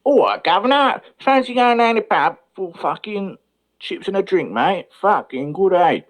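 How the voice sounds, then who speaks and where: Man doing a Cockney accent, cheeky working-class bloke, high pitched, brash slang. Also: expressive, moderate pace. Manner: brash, pub-talk slang.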